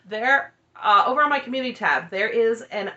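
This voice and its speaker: Bright-voiced lady in her 30s doing a chatty opinionated tv recap, kinda dull lo-fi sound. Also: a little high, brisk. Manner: chatty, opinionated, laughs often. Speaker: reality TV recap channel host.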